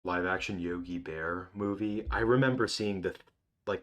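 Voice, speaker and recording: A man's voice: deep voice, normal speed. A man in his twenties hosting a casual livestream, rambling and reminiscing with lots of restarts. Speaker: livestream host.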